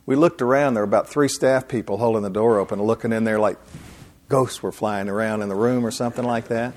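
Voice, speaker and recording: A man's voice: fairly low pitch, steady tone, fast, a little mellow, a little hiss or hum. Folksy man in his fifties. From Alabama, USA. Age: 50s. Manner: folksy, joking storyteller. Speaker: men's ministry speaker. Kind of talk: speech to a live audience.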